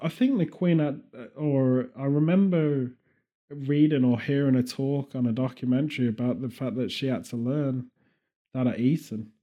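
A man's voice: medium pitch, normal speed, dull audio. An English man hosting a podcast, chatting casually with rambling, playful jokes and tangents. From England. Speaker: podcast host.

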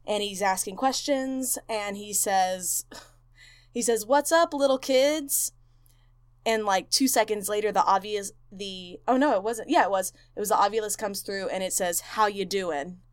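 A woman telling a ghost story to her co-host in easy, casual podcast chat. She leans on fillers like "like" and "um" and acts out what other people said. Her pitch sits in the middle for a woman. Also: normal speed, few pauses, clean tone. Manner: animated retelling, acts out quotes, many fillers.

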